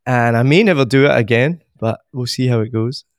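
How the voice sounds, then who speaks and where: Scottish man, soft Glaswegian accent, middle pitch, slow deliberate storytelling, dry close sound. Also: no echo. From Scotland. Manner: slow, carefully enunciated storytelling. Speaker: guest, comedian. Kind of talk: casual podcast interview.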